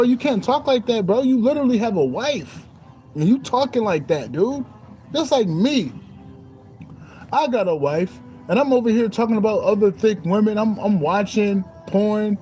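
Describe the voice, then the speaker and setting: A man's voice: sits high, mellow. A young man in a casual spiritual rant as a streamer, preachy and repetitive, saying "bro" constantly.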